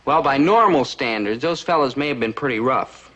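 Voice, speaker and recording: A man's voice: mid-range voice, lively intonation, normal speed, a bit bright, highs cut off. An actor playing an anxious, wry young man about to go into the army, in a 1960s sitcom, speaking to viewers with incredulous asides. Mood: wry narration. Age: young adult.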